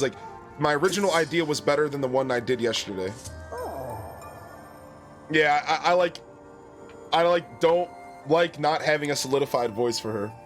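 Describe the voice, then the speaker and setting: A young man streaming a video game, chatting in a rambling, casual way and greeting viewers. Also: mid-range voice. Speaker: gaming streamer. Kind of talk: let's play commentary.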